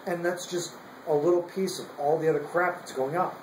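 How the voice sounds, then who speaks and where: A man's voice: on the high side, fairly even intonation, fairly quick. Young enlisted man, heated and profane, restarts his lines, a light hiss under a roomy echo. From United States. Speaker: active duty service member. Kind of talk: angry political rant.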